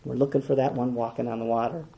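A man preaching a sermon, impassioned, swinging between loud and hushed, repeating words as he goes. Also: mid-range voice, fairly even intonation, fast talker, creaky, dull audio, slight background noise.

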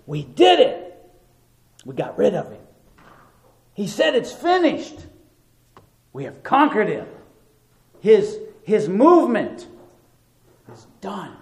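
Scornful Pharisee men jeer and gloat, as a preacher puts them on, loud and raised well above his usual voice. The sneering carries a roomy echo. They sound triumphant and contemptuous. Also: a little high, normal speed, hardly any pauses, close to an everyday voice.

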